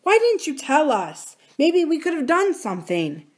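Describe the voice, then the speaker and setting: A woman's voice: high-pitched, very animated, normal speed, voice pushed up. A woman reading aloud as a group of grown siblings, speaking in an outraged, anxious way. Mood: accusing.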